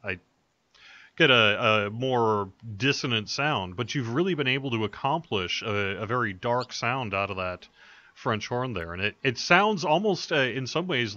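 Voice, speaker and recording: Bright-voiced halting male interviewer. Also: mid-range voice, expressive. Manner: halting, many restarts. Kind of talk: casual interview questions. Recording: dull lo-fi sound.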